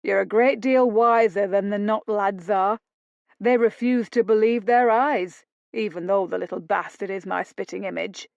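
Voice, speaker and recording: A woman's voice: mid-range voice, fairly even intonation, normal speed, creaky, darkish tone, no room sound, lightly acted. A woman reading an audiobook, voicing a mocking, sardonic roguish man with a drawling sarcasm. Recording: dull dry lo-fi studio read.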